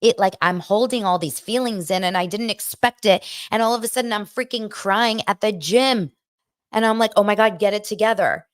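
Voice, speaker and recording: A woman's voice: mid-range voice, normal speed, no room sound. A woman hosting her own daily show, speaking candidly and emotionally into a microphone, rambling and restarting as she goes. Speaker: host of a daily pop culture show. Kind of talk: candid casual chat. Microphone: studio microphone.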